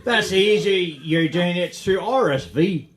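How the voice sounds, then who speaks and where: A boastful, swearing male virus, played by a man struts through a live comedy sketch in a put-on Irish lilt. His voice sits a little high and swoops about with lively energy. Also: normal speed, noisy background. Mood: cocky. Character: cocky, foul-mouthed male covid virus.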